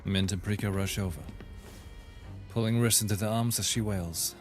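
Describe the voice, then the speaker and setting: Low-voiced man reading game narration. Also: fairly even intonation, moderate pace, soft background music. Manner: reads narration evenly, laughs at jokes. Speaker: streamer. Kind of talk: reading game story aloud with commentary.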